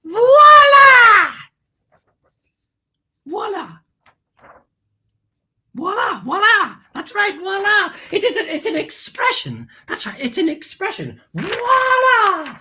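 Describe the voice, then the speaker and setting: A woman's voice: very high-pitched, huge pitch swings, slow, pushed and bright, heavily acted. A woman playing a grand, glamorous lady who hosts a children's show, gushing and calling everyone darling. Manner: flamboyant, calls everyone darling. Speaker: host. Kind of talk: theatrical kids' show hosting.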